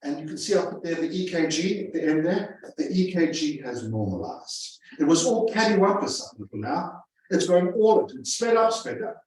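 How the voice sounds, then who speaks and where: Speaking as a sales trainer at a live seminar, a man with a fairly high voice addresses a large room of real estate agents, emphatic and fond of repeating phrases for effect. His intonation is lively, his pace normal with few pauses, and the audio is echoey, captured from a distance.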